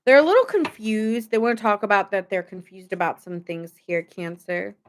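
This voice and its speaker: A woman's voice: mid-range voice, normal speed, a little hiss or hum. A woman giving a casual live-stream tarot reading, chatty and rambling, thanking viewers as she goes. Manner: chatty, rambling, reads chat aloud. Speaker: tarot reader.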